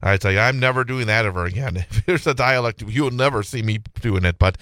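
A man's voice: medium pitch, fairly quick, a bit bright, no room sound. A man from Wisconsin hosting a morning talk radio show, chatting in a rambling way with many fillers and restarts, in a radio studio on a studio microphone. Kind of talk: casual talk radio chat.

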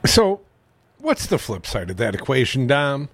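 Wry, lively talk radio host man. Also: medium pitch, measured pace, gravelly, dry recording. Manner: sardonic, animated. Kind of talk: talk radio banter and news reading.

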